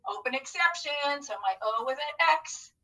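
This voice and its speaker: A woman's voice: high voice, lively intonation, moderate pace, sharp tone, distant mic, low-quality recording. A woman teacher leading a recorded phonics lesson, upbeat and coaxing as she talks to unseen students.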